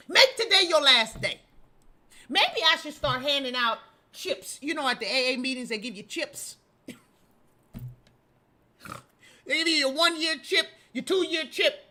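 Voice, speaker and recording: A woman's voice: sits high, animated, moderate pace, pushed and bright. A middle-aged woman hosting a casual commentary show, sassy and scolding, breaking into laughs as she lectures. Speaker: host.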